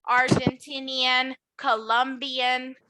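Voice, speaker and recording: Bright, high-pitched woman as a bilingual English teacher, slow model words for repetition. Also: level tone. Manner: switches between English and Spanish explanations; slow, drawn-out model words for students to repeat. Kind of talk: online class teaching nationalities.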